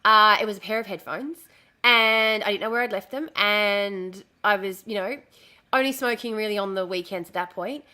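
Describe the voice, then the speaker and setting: A woman's voice: medium pitch, normal speed, bright, forceful tone. A woman in a casual livestream chat, rambling and easily distracted as she shows a dress she is sewing, swearing freely. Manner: talks while showing a dress she is sewing. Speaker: streamer.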